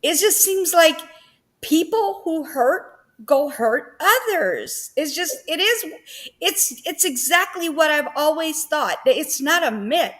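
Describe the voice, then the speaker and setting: Woman, high pitch, animated, slow pace, reflective, casual reaction chat.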